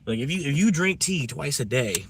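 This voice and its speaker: A man's voice: a little high, very animated, normal speed, slight background noise. A man chatting casually on a live stream, rambling in a laid-back way.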